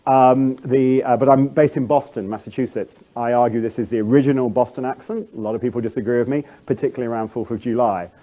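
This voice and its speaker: Chatty middle-aged Englishman with a mellow voice. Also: medium pitch, fairly even intonation, quick pace, hardly any pauses. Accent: English, standard British. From England. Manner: self-deprecating, chatty, many fillers and restarts. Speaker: conference speaker. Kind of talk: conference talk.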